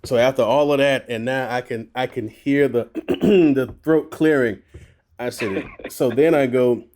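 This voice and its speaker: Animated man telling stories with laughter. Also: mid-range voice, measured pace. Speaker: voice actor guest. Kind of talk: candid podcast storytelling.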